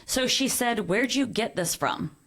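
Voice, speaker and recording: A woman's voice: fairly high pitch, animated, measured pace, a bit bright. A middle-aged woman, a podcast guest, telling a personal story in earnest conversation and acting out the quoted dialogue.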